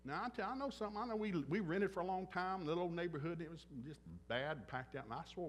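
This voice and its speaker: A pastor with a high voice races through a sermon at a church service, a faint hiss or hum in the background. His style is blunt and full of jokes, and he acts out short scenes and dialogue using different voices.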